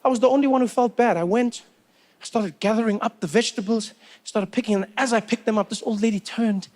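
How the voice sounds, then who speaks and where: A man with a South African accent performing stand-up comedy, animated and acting out characters. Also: high voice, fast talker. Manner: animated, acts out voices.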